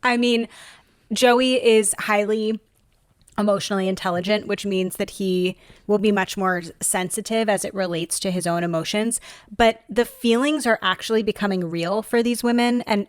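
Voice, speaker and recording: A woman therapist co-hosting a casual podcast chat, thoughtful and analytical in a measured way. Her voice sits at an ordinary pitch and sounds dry and close, with no room echo.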